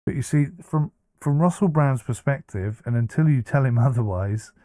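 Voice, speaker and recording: A man's voice: medium pitch, normal speed, warm tone, no echo, studio quality. A man hosting a reaction commentary, talking bluntly and casually with many fillers and restarts. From United Kingdom. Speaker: commentary host.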